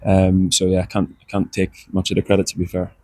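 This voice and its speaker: A modest man, interviewed as a footballer, answers quietly and hesitantly. His voice is low and stays flat. The recording is dry. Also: brisk, no room sound. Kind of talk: post-match interview.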